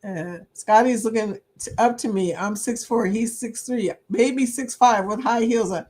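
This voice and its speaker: A woman hosts a casual livestream, chatting, laughing often and reading viewer comments aloud. Her voice is on the high side, a little slow, darkish and husky.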